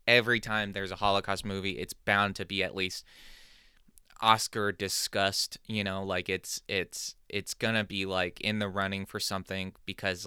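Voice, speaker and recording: Man, podcast host, casual comedic rambling, very clear voice, dry sound. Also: low-pitched, pushed and bright, no echo. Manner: rambling and digressive, self-deprecating.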